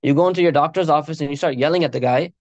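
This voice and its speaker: A man's voice: a little high, very fast, a little mellow, no echo, lo-fi sound. A man preaching an informal sermon, telling stories in a conversational way and often tagging lines with "right?" and Arabic phrases. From America.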